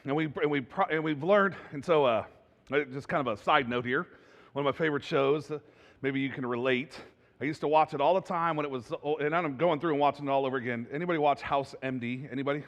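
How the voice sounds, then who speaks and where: Animated preaching pastor in an echoing hall. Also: male voice, on the high side, quick pace, muffled recording. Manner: animated, conversational preaching with rising emphasis. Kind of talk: sermon. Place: church sanctuary. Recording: reverberant church hall.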